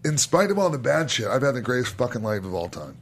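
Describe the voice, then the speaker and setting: A man's voice: medium pitch, big pitch swings, fast talker. A middle-aged man, a former wrestler co-hosting a podcast, telling old stories in a casual, enthusiastic way, swearing freely and restarting sentences. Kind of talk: casual storytelling chat.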